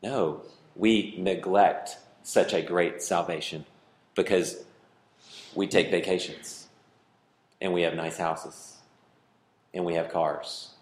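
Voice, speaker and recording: A man preaching a sermon as pastor, animated and playful, with joking asides to his congregation. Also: deep voice, slow, pauses often, reverberant.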